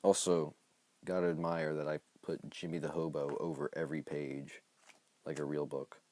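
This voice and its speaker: A man's voice: a bass voice, level tone, moderate pace, darkish tone. A man reading his own comic aloud on a phone live stream, breaking off for jokey, self-mocking asides.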